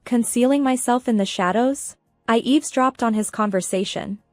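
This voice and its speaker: A woman tells a first-person revenge tale at a steady, even pace. Her voice is a little high, and it is recorded dry over quiet music. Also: moderate pace, no echo. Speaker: story narrator.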